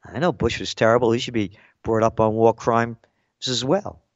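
A man's voice: medium pitch, steady tone, normal speed, no room sound. An older man giving an angry, sarcastic political rant as a commentator, punchy and blunt, in a dull, dry recording.

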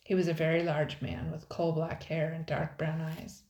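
An older woman, a grandmother, reading a children's adventure book aloud in a measured, expressive way. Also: sits low, gravelly. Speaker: storybook reader. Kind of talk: children's audiobook narration. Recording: roomy echo.

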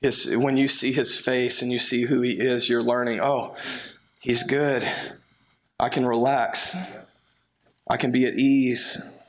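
A man preaching a sermon in a relaxed, conversational way, with friendly asides and filler words. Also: mid-range voice, slow pace, pauses often. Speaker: pastor.

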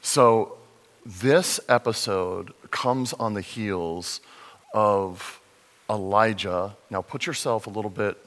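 A man preaching a sermon in a conversational way, slowing to stress points, with fillers and restarts. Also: on the low side, a bit bright. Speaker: pastor. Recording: long reverb in a large hall.

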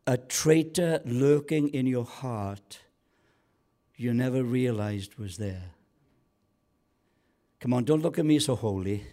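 A man's voice: mid-range voice, dark tone. A man preaching a sermon as a guest pastor, colloquial and joking, building to passionate calls to the congregation.

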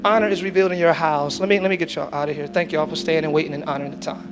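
A pastor preaching a live church sermon, with emphatic delivery that swings between shouts and hushed low lines. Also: male voice, steady tone, very fast, over music. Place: church sanctuary.

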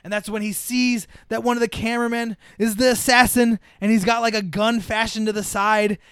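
Brisk and clean in tone, a man with a high voice co-hosts a relaxed movie chat, captured in a studio-quality, echo-free recording. He retells scenes with animation, performing the lines and cursing liberally.

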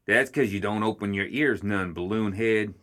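A man's voice: fairly low pitch, moderate pace, fairly bright tone, lightly acted. A man doing a bossy, sly gremlin matriarch. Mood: sly, scheming. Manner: backwoods slang, bossy and sly. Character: brash scheming female gremlin matriarch.

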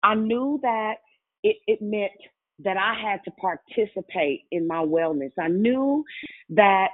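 A woman's voice: mid-range voice, animated, unhurried. Woman preacher, testimony sermon, chatty and direct, tinny lo-fi audio. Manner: conversational, addresses congregation directly. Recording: tinny phone-like sound.

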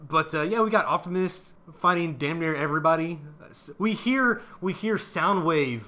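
A young man co-hosting a casual movie review podcast, excited and laughing, swearing freely. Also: fairly high pitch, normal speed. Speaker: podcast co-host.

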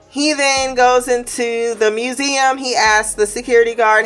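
A woman's voice: a little high, fairly even intonation, moderate pace, hardly any pauses, a bit bright, soft background music. A woman giving a casual episode recap, chatty, laughing often, swearing and acting out quotes. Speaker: show recap host.

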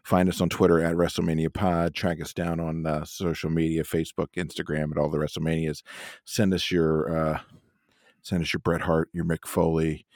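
A man's voice: rumbling low, darkish tone, no room sound, clean studio sound. A man co-hosting a podcast in a casual chat, joking and easygoing, laughing often. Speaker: podcast co-host.

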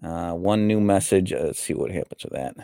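Low-voiced rambling male live-stream host. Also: expressive, fairly quick, gravelly, warm tone, clean tone, no echo, studio quality. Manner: rambling, full of fillers and restarts. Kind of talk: casual live-stream monologue.

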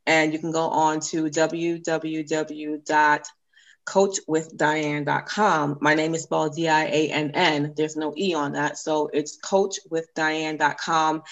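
A woman who works as a forgiveness coach, speaking as a podcast guest. Her voice is very low for a woman, and she talks in an earnest, encouraging way, slowing down to spell things out.

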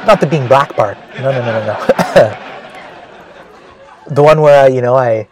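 A man's voice: medium pitch, moderate pace, crowd noise. A male comedian telling a rambling, self-mocking story, with frequent "right?" asides.

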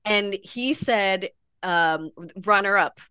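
A woman guest on a podcast, telling an animated story with frequent laughter in a casual chat. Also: medium pitch, takes it slowly, clear, resonant tone, no room sound, clean studio sound. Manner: giggly, animated, laughs often. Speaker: podcast guest, bodybuilding pro.

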